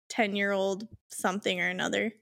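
A woman's voice: mid-range voice, fairly even intonation, creaky, a bit bright. A woman in casual podcast chat, telling a story with frequent laughter. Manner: laughing storyteller, quick giggles.

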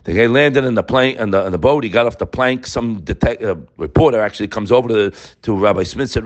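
A man in his sixties giving an inspirational Torah talk, telling stories with swings between quiet and emphatic moments. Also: lowish voice, fairly quick. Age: 60s. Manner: animated storyteller, swinging from quiet to loud. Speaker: Torah teacher.

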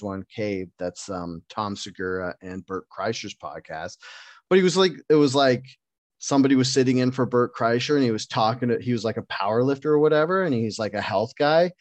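Male co-host, mid-pitched, loose and profane, relaxed banter, dry close recording. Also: no room sound. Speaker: podcast co-host. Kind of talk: casual chat.

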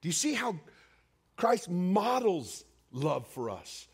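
Gravelly-voiced male preacher, high and husky. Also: big pitch swings, slow pace. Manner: emotional storytelling with sweeping highs and hushed lows. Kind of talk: sermon.

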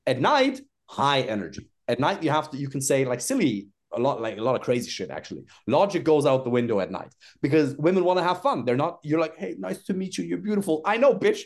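A man's voice: sing-song, a little fast, few pauses. A man, a dating coach guest on a podcast, who talks bluntly, swears freely and acts out lines he quotes. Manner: swings widely in pitch for emphasis. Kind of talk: animated podcast interview talk.

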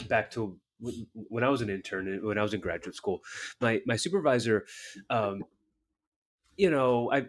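A man who works as a therapist, chatting casually with frequent restarts and repeated words. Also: mid-range voice. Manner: halting, many restarts and fillers. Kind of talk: casual conversation.

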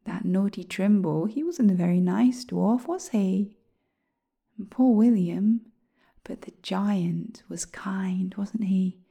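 A woman reading a children's story aloud, speaking gently and softly, often slipping into a whisper. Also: mid-range voice, takes it slowly, vocal fry, breathy edge.

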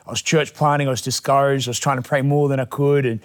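A young man hosts a podcast conversation in an even, mid-range voice. He speaks reflectively and from the heart. He pauses and restarts as he gathers his thoughts. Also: medium pitch. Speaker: podcast host and pastor. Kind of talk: casual conversational interview.

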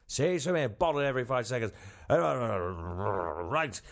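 A man's voice: mid-range voice, lively intonation, unhurried. A man impersonating a blustering, rambling prime minister in a comedy sketch, full of stammers and fillers. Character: blustering disgraced male prime minister, middle-aged. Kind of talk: comedy sketch phone call.

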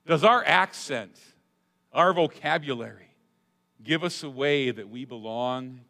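A man with a high voice delivers a sermon in a church, his reverb trailing through a large hall. He preaches dramatically, punching some lines loudly and dropping others to a near hush. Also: big pitch swings, takes it slowly, pauses often. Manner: dramatic, swings from loud emphasis to hushed asides. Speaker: pastor. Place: church sanctuary.

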